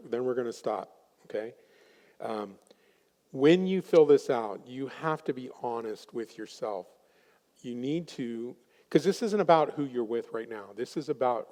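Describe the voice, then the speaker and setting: A man's voice: mid-range voice, warm tone, big-room sound. A man presenting at a workshop, telling a counseling story and acting out his clients' voices. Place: chapel hall.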